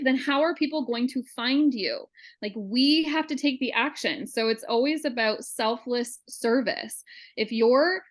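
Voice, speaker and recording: Earnest woman telling a story, higher voice. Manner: earnest storytelling, quotes dialogue. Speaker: call participant. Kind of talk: sharing a personal story. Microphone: video call.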